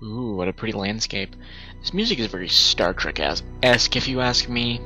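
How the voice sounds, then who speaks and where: A man's voice: fairly low pitch, normal speed, sharp tone, soft background music, rough recording. A man casually commentating his strategy-game playthrough, rambling and correcting himself as he thinks aloud.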